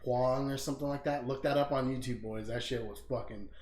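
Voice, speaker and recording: A man's voice: mid-range voice, fairly even intonation, a little fast, darkish tone. A man co-hosting a podcast in casual chat, bantering with lots of swearing and laughter. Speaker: podcast co-host. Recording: roomy echo with faint noise.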